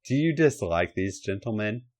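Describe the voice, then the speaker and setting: A man voicing a commanding, sinister dark lord in a comedic erotic story reading, giving slow, domineering orders. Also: lowish voice, animated.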